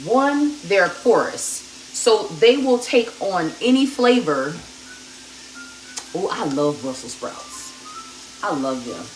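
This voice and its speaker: A woman's voice: fairly low pitch, sing-song, slow, faint music behind. Chatty woman cooking in an echoey kitchen. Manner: chatty, talks straight to viewers. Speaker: cooking show host. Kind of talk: live cooking stream chat. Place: home kitchen. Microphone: phone camera at a distance. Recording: echoey kitchen, mic far off, sizzling pan. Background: frying and sizzling food.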